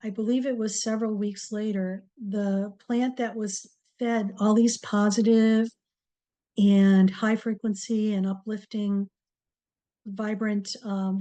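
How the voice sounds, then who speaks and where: A woman hosting a TV talk, giving a slow, encouraging motivational talk to viewers with many pauses. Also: mid-range voice, little pitch movement. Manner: slow, pausing, soft-spoken and encouraging. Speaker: TV show host, speaker on word power.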